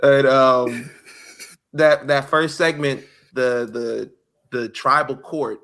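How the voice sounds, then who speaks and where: Man, podcast co-host, animated storyteller, slangy casual chat, middle pitch. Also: slow.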